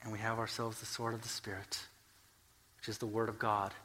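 A man preaching a sermon in a church, swinging between soft, earnest explanation and loud, emphatic peaks as he reads scripture, with joking asides. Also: fairly low pitch, little pitch movement, fairly quick, slight background noise. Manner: builds scripture lists to loud, emphatic climaxes. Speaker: pastor. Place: church sanctuary.

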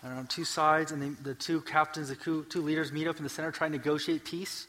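Male pastor, fairly high and bright voice, sermon delivery, dynamic swings from hushed to loud, some humor. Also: little pitch movement, fast talker. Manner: builds scripture lists to loud, emphatic climaxes; drops to quiet, earnest explanation between peaks. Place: church sanctuary.

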